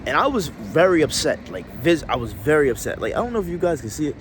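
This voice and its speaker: A man's voice: a little high, very animated, fast talker, slight background noise. A man telling a casual story to camera, slangy and rambling, often restarting his sentences. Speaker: vlogger.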